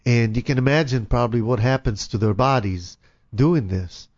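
A man's voice: medium pitch, normal speed, darkish tone, no echo. A man in casual conversation, laid-back and agreeable, often backing up the other speaker. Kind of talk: casual chat. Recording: dull lo-fi dry recording.

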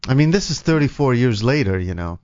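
A man's voice: medium pitch, very animated, fairly quick, a little mellow, no room sound. Man, morning radio co-host, slight foreign accent, laid-back, chuckling replies, dry muffled studio. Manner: easygoing, laughs often, short replies. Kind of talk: casual morning show banter.

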